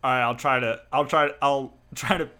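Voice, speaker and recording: A man's voice: medium pitch, steady tone, moderate pace, sharp tone. A young man playing a tabletop game, talking in a playful way. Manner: playful, laughing often. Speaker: player.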